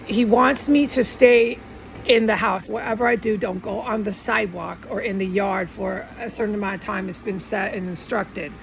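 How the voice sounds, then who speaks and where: A woman's voice: medium pitch, steady tone, normal speed, creaky, a little hiss or hum, rough recording. A woman talking at home in a rambling, defensive monologue, insisting on her points again and again. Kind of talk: casual monologue vlog.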